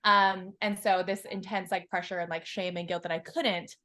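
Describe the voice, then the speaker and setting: A woman in her thirties, a success coach from Hawaii, tells her story on a podcast in a candid, expressive way, swearing freely and acting out her past thoughts. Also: lowish voice, moderate pace.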